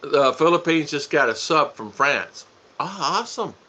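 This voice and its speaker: A man's voice: fairly high pitch, animated, moderate pace, pushed and bright. A man co-hosting a casual live stream, joking with his wife and greeting viewers by name. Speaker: vlog co-host. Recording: dull lo-fi sound.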